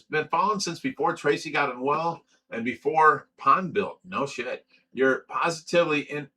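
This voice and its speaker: A man's voice: medium pitch, bright, forceful tone, a little hiss or hum, poor audio. An older man and grandfather hosting a casual livestream, chatting loosely and reading viewer comments aloud with frequent laughs. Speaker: livestream host.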